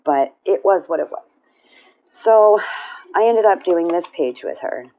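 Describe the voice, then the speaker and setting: A woman chatting casually about her coloring pages, rambling with fillers and clearing her throat often. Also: on the low side, expressive, unhurried, phone-quality sound. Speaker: coloring vlogger. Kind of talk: casual show-and-tell chat.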